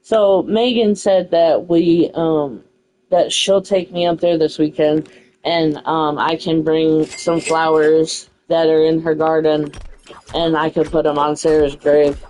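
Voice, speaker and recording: A woman's voice: sits low, level tone, takes it slowly, a little mellow, a little hiss or hum, low-quality recording. A young woman telling a story in a casual, frustrated way, swearing freely and saying "you know" a lot. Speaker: streamer.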